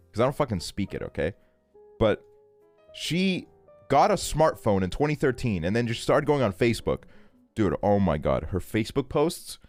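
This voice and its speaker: A man in his twenties chatting casually on a stream, ranting with plenty of swearing and frequent laughter. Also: medium pitch. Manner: profane, ranting, laughs often.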